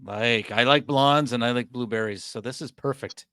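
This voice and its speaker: A man with a Canadian accent hosting a comedy podcast, excitable and laughing often. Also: mid-range voice, moderate pace, a crowd in the background. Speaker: podcast host. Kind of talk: casual comedy podcast chat.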